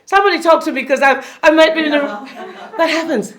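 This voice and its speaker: A woman from Jamaica with a Jamaican accent, giving a lively inspirational talk to a group, laughing often and bursting into loud peaks. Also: high voice, quick pace. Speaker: motivational speaker.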